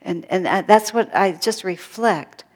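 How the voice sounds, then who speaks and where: A woman giving a thoughtful spiritual talk, dropping to a hush when she quotes others. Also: mid-range voice, a little slow, husky. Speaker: spiritual teacher. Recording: long reverb of a hall.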